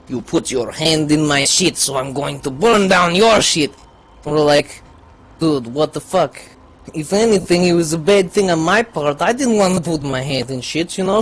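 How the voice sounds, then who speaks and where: A man's voice: on the high side, slight background noise, close to an everyday voice. A man doing a put-on Russian accent as a crude young storyteller, telling a rambling comic tale in broken English with lots of swearing. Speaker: gaming group regular.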